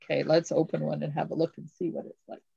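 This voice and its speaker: A woman's voice: low voice, flat delivery, quick pace, vocal fry, warm tone, breathy edge, no echo, dull audio. A woman hosting a casual crafting live stream, gushing and exclaiming over each item she unboxes.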